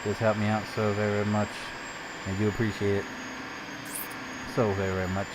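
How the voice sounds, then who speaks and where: A man's voice: lowish voice, flat delivery, brisk, very noisy. Man streamer telling rambling stories. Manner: rambling anecdotes, laughs often; swears casually. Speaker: gaming streamer. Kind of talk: casual chat while streaming a game.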